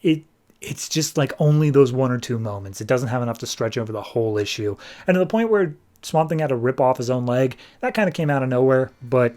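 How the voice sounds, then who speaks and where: A man hosting a podcast, recapping a comic book issue in a chatty, casual way with quick asides. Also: mid-range voice, lively intonation, darkish tone. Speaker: podcast host.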